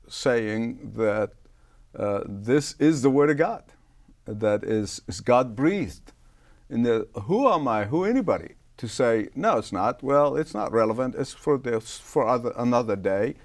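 A man's voice: medium pitch, lively intonation, unhurried. Emphatic older preacher man. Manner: emphatic, preacherly, swells on key words. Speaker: pastor guest. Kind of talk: interview answers, preaching tone.

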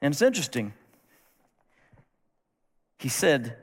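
A man's voice: fairly high pitch, sing-song, unhurried, long pauses. Male preacher, conversational and wry, longish reverb of a large room. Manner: casual, wry asides, repeats words when restarting. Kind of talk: conversational sermon. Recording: long reverb of a large hall.

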